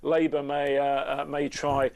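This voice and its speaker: A man speaking as a polling analyst guest, measured and speculative, with hesitant restarts. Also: fairly high pitch, completely flat delivery, darkish tone. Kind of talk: expert interview.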